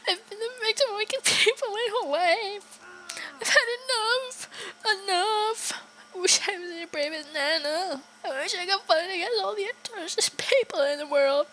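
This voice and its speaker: A haunted young man, bullied his whole life, whispers and then cries out in a high, strained voice, as a woman reads his lines from a horror game. The tone is bright and thin. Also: animated, moderate pace, a little hiss or hum, heavily acted, rough recording. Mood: anguished. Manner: whispery, tearful, rising to cries. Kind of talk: reading game dialogue aloud.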